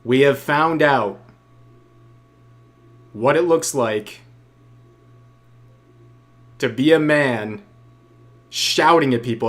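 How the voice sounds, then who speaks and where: A man's voice: mid-range voice, drawn-out words, pauses often, fairly bright tone. A man hosting a stream, mocking a clip in casual reaction commentary and reading donations aloud. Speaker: streamer host.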